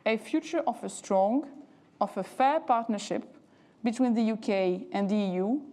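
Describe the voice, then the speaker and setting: A woman with a French accent, a government minister giving a formal, measured speech. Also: a little high, mellow. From France. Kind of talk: prepared speech.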